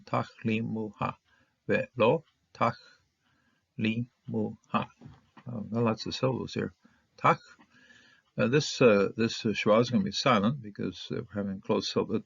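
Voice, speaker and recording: A man teaching a casual Bible Hebrew lesson, halting and full of fillers, sounding out syllables one by one. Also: fairly low pitch, gravelly, slightly rough, no room sound, lo-fi sound.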